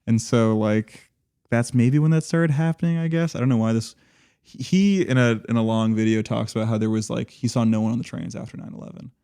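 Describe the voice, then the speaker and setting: A man's voice: mid-range voice, steady tone, brisk, dark tone, smooth. A man co-hosting a podcast, talking casually and rambling, with many fillers and restarts. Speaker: podcast co-host.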